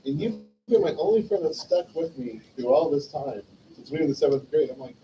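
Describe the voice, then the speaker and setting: On the high side and at normal speed, a man hosting a memorial stream tells a rambling, heartfelt story of an old friend, animatedly acting out what they once said to each other as a eulogy. A little hiss or hum and faint room ambience come through the distant mic.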